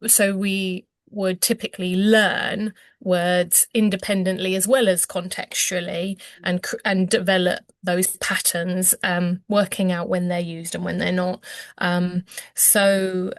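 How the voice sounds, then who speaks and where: A woman's voice: fairly low pitch, little pitch movement, a little slow, no echo. A woman, a clinician explaining language development as an interview guest, hesitant with many ums and restarts. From England.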